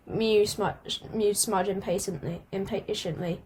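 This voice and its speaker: A woman reading a storybook aloud at a mid-range pitch. She keeps a steady pace but now and then stumbles and starts a phrase over. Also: measured pace, hardly any pauses, slight background noise. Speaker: audiobook reader.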